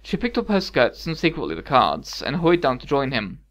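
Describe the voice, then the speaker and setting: A man narrating a fairy-tale story calmly with wry asides. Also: mid-range voice, fairly quick. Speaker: audiobook narrator. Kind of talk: scripted narration.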